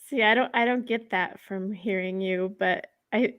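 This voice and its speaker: A woman's voice: mid-range voice, normal speed, dull audio. A woman from California hosting a casual livestream chat, upbeat and giggly. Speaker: host.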